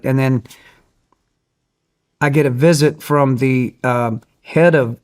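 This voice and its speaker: A man guest telling a story in casual conversation, animated and acting out the people he quotes. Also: mid-range voice, takes it slowly, pauses often. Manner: animated, acts out quoted voices.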